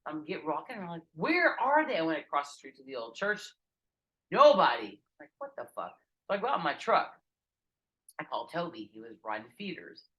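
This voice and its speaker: Low-voiced woman telling stories. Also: brisk, poor audio. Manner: animated, profane storyteller acting out quotes. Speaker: podcast guest. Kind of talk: casual storytelling chat. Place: backyard outdoors.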